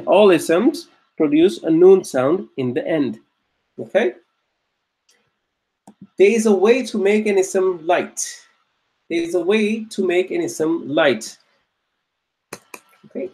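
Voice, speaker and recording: A man's voice: high-pitched, lively intonation, takes it slowly, long pauses, dark tone. A man teaching an online grammar class, patiently repeating each point and checking that students follow. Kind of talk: online Arabic grammar lesson.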